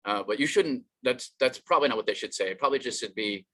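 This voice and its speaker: A man's voice: medium pitch, animated, quick pace, sharp tone. A man doing an online stand-up comedy set, rambling and self-deprecating, with many fillers and restarts.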